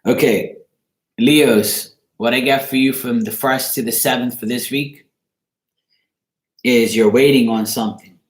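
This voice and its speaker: A man at a middle pitch gives a loose, rambling tarot reading to a live audience. His talk is casual, with the odd swear word and quick asides to viewers. The room around him rings with echo. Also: steady tone. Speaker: tarot reader.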